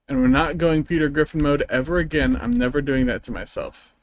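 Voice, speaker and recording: A man's voice: on the high side, fairly quick, poor audio. A man streaming a game, chatting casually in a rambling, joking, self-deprecating way. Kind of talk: casual gameplay stream chat.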